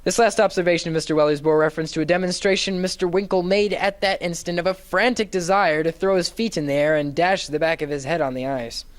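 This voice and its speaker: A man giving a dramatic reading of a classic novel in an expressive, theatrical narrating manner. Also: on the high side, fast, hardly any pauses. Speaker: reader.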